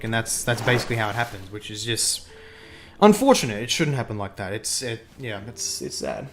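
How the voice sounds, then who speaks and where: A young man hosting a live gaming stream, talking casually and musing out loud. He often repeats himself and breaks off to react to the game and the chat. His voice sits at an ordinary middle pitch over a faint hiss. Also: expressive, moderate pace. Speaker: livestream host.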